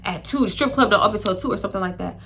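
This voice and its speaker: A woman's voice: medium pitch, racing, pushed and bright. A young woman quoting a pushy young man who keeps brushing people off in her own voice. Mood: dismissive. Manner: casual, brushing off, repeating himself.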